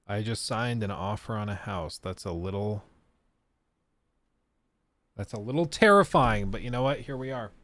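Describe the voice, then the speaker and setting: A man's voice: fairly low pitch, expressive, normal speed, pauses often, fairly bright tone. A young man streaming live, chatting casually and laughing as he reacts to a game trailer and explains technical details.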